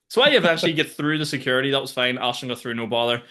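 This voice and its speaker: A young man, co-hosting a comedy podcast and telling stories in a loose, animated way. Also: mid-range voice, fast talker. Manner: animated storytelling, swears freely. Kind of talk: casual comedic chat.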